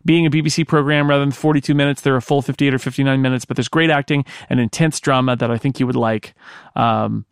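Gravelly, dry-sounding man hosting a podcast. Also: medium pitch, quick pace, no echo. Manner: animated, mimics accents when quoting. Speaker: podcast co-host reading listener mail. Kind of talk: casual podcast chat.

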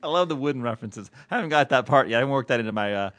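A man hosts a podcast in a loose, joking way, laughing often. His voice moves widely in pitch, and the sound is dry and close. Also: animated, very fast, fairly bright tone, dry recording. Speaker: podcast host. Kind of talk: casual chat.

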